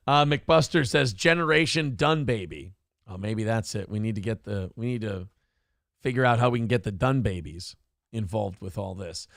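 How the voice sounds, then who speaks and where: A man's voice: fairly low pitch, normal speed, vocal fry, fairly bright tone, dry recording, clean studio sound. A man hosting a livestream talk show. He reads viewer comments aloud and rants with plenty of profanity. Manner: ranting and profane. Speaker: live show host.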